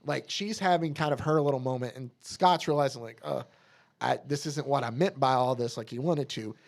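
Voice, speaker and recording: A man's voice: medium pitch, a little fast, creaky. A man co-hosting a podcast, casually retelling comic book scenes with lots of "like" and "you know". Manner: retells comic scenes, quoting characters in his own voice; many fillers like "like" and "you know". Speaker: podcast co-host. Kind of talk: casual chat.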